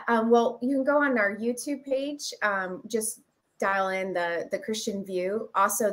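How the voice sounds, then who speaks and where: A woman actress speaks as a guest on a talk show. She answers in a friendly, easygoing way and fills her pauses with ums. Her voice sits at an ordinary middle pitch. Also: fairly bright tone. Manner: friendly, with many filler ums. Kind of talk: casual interview chat.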